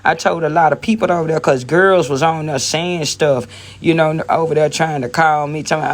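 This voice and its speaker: A woman's voice: low-pitched, steady tone, fairly quick, slight background noise. A woman ranting bluntly on a phone livestream, rambling and repeating herself as she talks straight to her viewers. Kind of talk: casual livestream rant.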